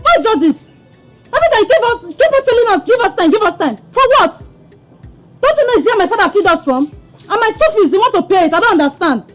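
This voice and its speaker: A woman's voice: very high-pitched, very animated, fast talker, faint music behind. An actress with a Nigerian accent playing an impatient young woman who scolds and demands money owed to her father. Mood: impatient demanding. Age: young adult. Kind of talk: Nollywood film acting. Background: film score.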